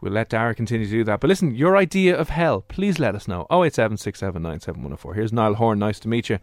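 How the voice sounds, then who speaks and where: A man hosting a radio show, chatting in quick, animated banter. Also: lowish voice, no room sound. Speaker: radio host. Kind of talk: casual radio chat.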